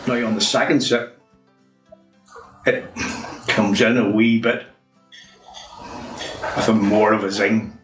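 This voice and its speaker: Low-voiced man, roomy sound. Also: fairly even intonation, distant mic. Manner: chatty, unhurried, says "wee" often. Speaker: whisky reviewer. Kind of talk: casual review monologue. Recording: roomy, from off the mic, faint music.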